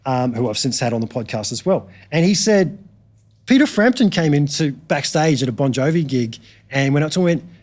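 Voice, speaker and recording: A middle-aged Australian man, a guitarist guest telling frank, animated stories in a casual chat. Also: medium pitch, fairly quick. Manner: animated storyteller, frank and chatty.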